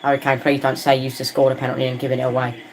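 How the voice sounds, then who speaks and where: A man hosting a live football watchalong, chatting casually with viewers and reacting loudly to chances on the pitch. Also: rapid-fire, a little hiss or hum. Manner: excitable, swings between chatty musing and loud outbursts at near misses; casual slangy talk, calls players and viewers lad and mate.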